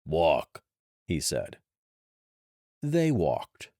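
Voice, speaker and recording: Deep-voiced man narrating an audiobook. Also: moderate pace, dry recording, studio quality. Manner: steady storytelling. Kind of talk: scripted narration.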